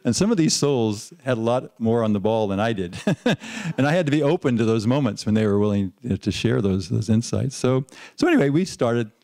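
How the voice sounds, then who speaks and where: A man's voice: medium pitch, fairly quick. Older man telling a chuckling anecdote. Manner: lively storyteller who chuckles and restarts often. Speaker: panel speaker recalling his teaching days. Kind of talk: anecdotal storytelling.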